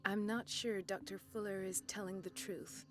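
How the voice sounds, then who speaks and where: A woman's voice: medium pitch, steady tone, normal speed, over music, lightly acted. An actress playing a determined female doctor in video game dialogue, speaking in an earnest, firm way. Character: determined young female doctor, principled and blunt.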